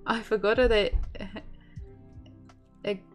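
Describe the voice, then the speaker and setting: Woman teaching a language lesson, says every word twice, really slow, faint music in the back. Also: mid-range voice, fairly even intonation. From Russia. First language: Russian. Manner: slow, repeats each word for learners to echo.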